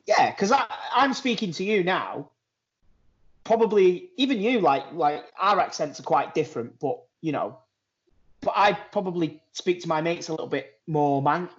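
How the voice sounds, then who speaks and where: A man's voice: on the high side, lively intonation, normal speed. A man co-hosting a podcast, chatting casually, telling little stories and tagging his lines with "innit". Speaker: podcast co-host. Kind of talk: casual chat. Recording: muffled lo-fi remote audio.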